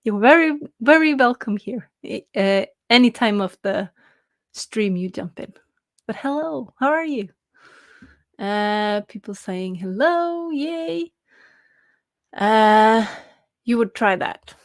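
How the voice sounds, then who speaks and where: A young woman from Norway hosts a relaxed writing stream, chatting with viewers at an unhurried pace. She laughs often and pauses on fillers as she reads the chat aloud. Her voice sits close and dry, with no room sound around it. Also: a little high, dry recording. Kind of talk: casual live-stream chat.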